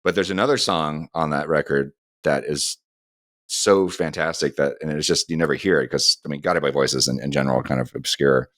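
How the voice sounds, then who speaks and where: Very deep-voiced man telling a rambling story. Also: fairly even intonation, fairly quick, fairly bright tone, no echo, studio quality. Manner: meandering anecdotal storytelling. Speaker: podcast co-host. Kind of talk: casual podcast chat.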